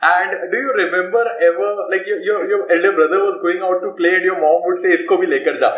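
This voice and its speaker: Brief: male co-host, high voice, stammery restarts, echoey room. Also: fairly even intonation, a little fast, fairly bright tone, lo-fi sound. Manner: stammering restarts, chuckling asides. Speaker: podcast co-host. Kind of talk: casual chat.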